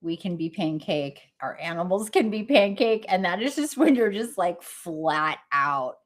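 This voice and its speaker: A woman talks to her livestream audience at an unhurried, drawn-out pace. She meanders through casual chat, piles on fillers and restarts sentences, and breaks into easy laughs along the way. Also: fairly low pitch, animated. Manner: laughs easily while talking. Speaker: livestream host.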